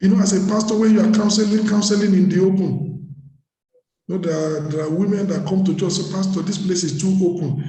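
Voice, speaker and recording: A man preaches in a high, mellow voice, telling his story and repeating key phrases for emphasis. His words ring out with a long reverb, as in a large hall. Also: fairly even intonation, fairly quick. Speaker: pastor. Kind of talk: sermon at leadership workshop. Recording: echoey hall.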